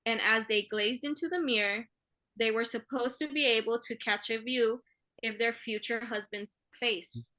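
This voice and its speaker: A woman podcast co-host reading a legend in a slow, measured way. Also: a little high, steady tone, bright, forceful tone, rough recording. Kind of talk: casual chat and reading a legend.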